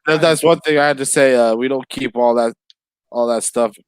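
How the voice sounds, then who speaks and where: A man's voice: mid-range voice, moderate pace, clean tone, dry recording. A man hosting a casual video-call chat, rambling and laughing easily. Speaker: host.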